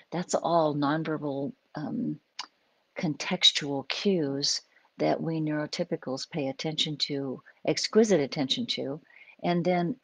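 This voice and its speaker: A woman with a notably low voice talks through ideas in an unscripted, conversational way, hosting a live stream as a psychologist. The sound is dry and close, with no room ring. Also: no room sound, rough recording. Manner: conversational, explains with acted examples and asides. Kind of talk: unscripted teaching talk to a live audience.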